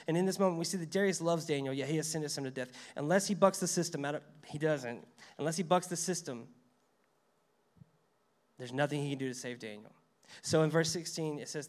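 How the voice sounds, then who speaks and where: Pastor, male, fairly high voice, conversational sermon with acted-out quotes. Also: brisk. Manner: conversational preaching, reads scripture aloud, acts out quotes.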